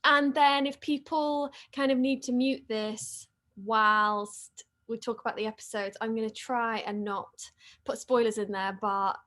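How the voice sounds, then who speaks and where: A woman casually chatting with fans on a livestream from her home, excitable and reading comments aloud. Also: fairly high pitch, a little slow. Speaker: actress hosting a fan livestream. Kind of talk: casual live-stream chat reading comments. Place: living room at home.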